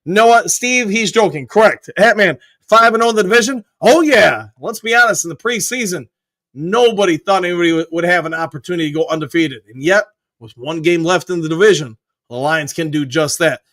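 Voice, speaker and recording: Male stream host, high voice, upbeat, rattles off chat comments with whoops. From Michigan. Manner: upbeat, reads comments aloud with quick shout-outs and whoops. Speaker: host reading live chat. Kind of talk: casual live-stream chat.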